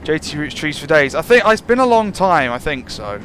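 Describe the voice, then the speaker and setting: A man's voice: a little high, very animated, moderate pace, a bit bright, slight background noise. A man giving casual, musing commentary while playing a train simulator, chuckling often. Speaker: gameplay channel host.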